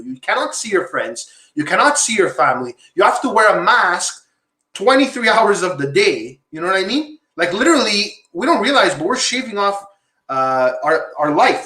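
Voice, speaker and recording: A man's voice: high voice, sharp tone, roomy sound. A man hosting a casual panel discussion, rambling and repeating himself as he makes his points. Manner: rambling, repeats himself, asks guests questions. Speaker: podcast host.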